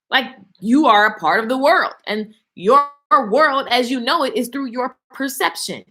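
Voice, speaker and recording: A motivational speaker and singer with a bright, high voice preaches to viewers during a live stream. She's animated and preachy, addressing her audience head-on.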